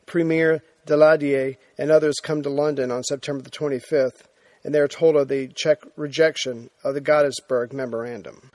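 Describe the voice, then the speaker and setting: A man's voice: mid-range voice, steady tone, normal speed, a little mellow, no room sound. A man giving an informal history lecture, retelling events in a conversational way with frequent fillers and restarts.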